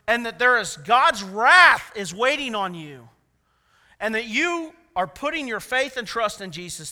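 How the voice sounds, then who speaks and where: A man preaching a sermon as pastor, swinging between loud emphatic lines and soft, quiet asides. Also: very high voice, long reverb tail.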